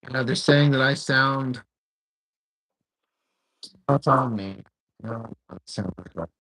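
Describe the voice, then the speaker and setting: Man, casual livestream host at home, husky voice, relaxed and bemused. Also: mid-range voice, slow pace, low-quality recording. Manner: easygoing, puzzled, talks through tech trouble. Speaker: live stream host. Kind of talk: casual chat. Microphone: phone.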